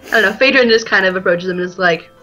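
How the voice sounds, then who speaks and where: A woman playing a tabletop game, chatting in an easygoing, relaxed way. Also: medium pitch, quick pace, faint music behind, low-quality recording. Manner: laughing, easygoing. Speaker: player. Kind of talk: casual tabletop play.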